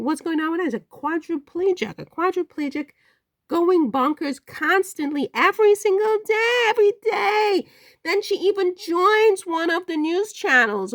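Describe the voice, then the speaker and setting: A woman hosting a commentary channel, delivering a sarcastic, animated monologue and repeating words for effect. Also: mid-range voice, creaky, no room sound.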